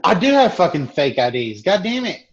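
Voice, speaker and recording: A man's voice: fairly high pitch, very animated, normal speed. Male tabletop player, casual, stammers and curses, muffled mic. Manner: swearing, stammering.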